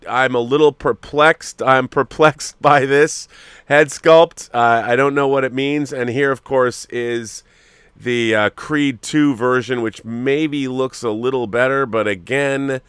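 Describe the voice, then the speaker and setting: A man's voice: medium pitch, fairly even intonation, takes it slowly, fairly bright tone, clean tone, no room sound, studio quality. A man hosting a casual chat, musing and hesitant as he talks, with plenty of fillers. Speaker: host. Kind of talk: casual chat reviewing collectible figures.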